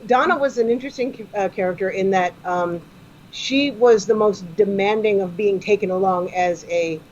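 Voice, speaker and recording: Here a woman with a mid-range, somewhat dark voice talks at a moderate pace, guesting on a comedy podcast where she eagerly chats and breaks down fan trivia. It's loose podcast banter, recorded with a dull lo-fi quality and light noise.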